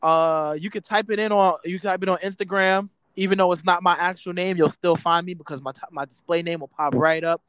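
Rambling high-voiced man, dry close sound. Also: fairly even intonation, brisk, hardly any pauses, a bit bright, clean tone, dry recording. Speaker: guest. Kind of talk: casual interview chat.

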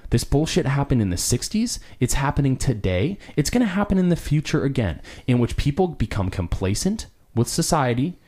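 A man's voice: medium pitch, sing-song, dark tone. A man in a casual debate, arguing back and cutting in on the other speaker. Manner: argumentative, interjecting, quick laugh.

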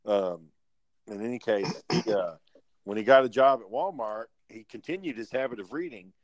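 A man's voice: on the low side, moderate pace, no room sound, rough recording. A man telling a rambling story among friends, swearing often and restarting his sentences. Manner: rambling, profane, with many restarts. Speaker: storyteller in a casual chat. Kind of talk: casual profane chat among friends.

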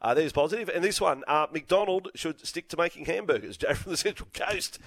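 A man's voice: a little high, creaky, a bit bright, no room sound. Fired-up Australian radio host, a man. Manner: fired-up, emphatic, rapid bursts. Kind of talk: sports radio banter.

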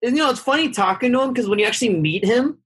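Slangy man with a high, husky voice. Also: animated, racing, fairly bright tone. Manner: laid-back slangy talk, puts on voices when quoting people. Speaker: podcast guest. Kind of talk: casual chat. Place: home, over a video call. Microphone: video call.

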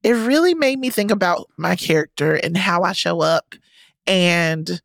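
Woman, podcast co-host, casual chat, joking, gravelly, mid pitch, dry close sound. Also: measured pace, no room sound. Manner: playful, joking, laughs often.

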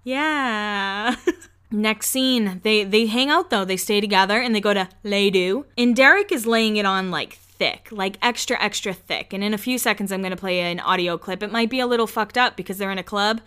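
This young podcast host has a medium-pitched, slightly bright voice that's clear and resonant. Chatting casually about a reality show she's recapping, she leans heavily on "like" and does quick impressions of the people involved.

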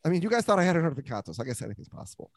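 Quick, lively man with a joking manner. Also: on the high side, no room sound. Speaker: podcast host. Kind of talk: casual chat.

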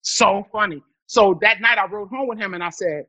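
Bright-voiced woman telling wild stories. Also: mid-range voice, moderate pace, no room sound, rough recording. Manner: animated, profane, bursts of loud laughter. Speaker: guest comedian. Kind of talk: storytelling in a podcast interview.

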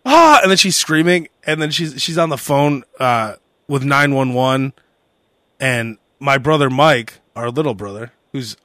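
A young man hosting a casual podcast, telling a story in a lively way and acting out the shouting of the people in it. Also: mid-range voice, a little slow, dry recording, clean studio sound. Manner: animated storyteller who acts out shouted quotes. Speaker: podcast host.

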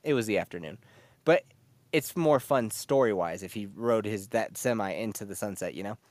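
A man's voice: on the low side, moderate pace, no echo. Man telling a profane story, dry sound. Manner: profane, laughing, animated retelling. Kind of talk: casual storytelling.

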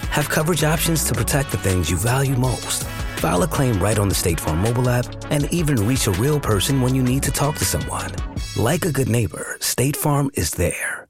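A man reading a scripted sponsor ad in a smooth, measured way. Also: medium pitch. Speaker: ad read announcer. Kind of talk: scripted ad read.

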